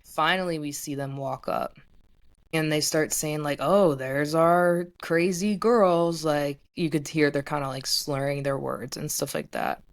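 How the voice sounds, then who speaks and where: A woman's voice: deep voice, little pitch movement, moderate pace, creaky. A young woman in her twenties casually retelling a personal story, full of "like" fillers. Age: 20s. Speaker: guest.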